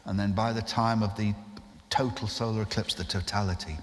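A man, a guest impressionist, telling an animated anecdote on a festival stage in front of an audience. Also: on the low side, brisk. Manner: animated storyteller, restarts. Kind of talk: live podcast anecdote. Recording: live hall reverb with faint noise.

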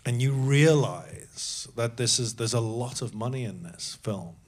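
A man's voice: mid-range voice, expressive, measured pace, a little mellow. Laughing man telling stage stories. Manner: laughing storyteller, self-deprecating. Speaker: actor guest. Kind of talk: casual anecdote on a live comedy podcast.

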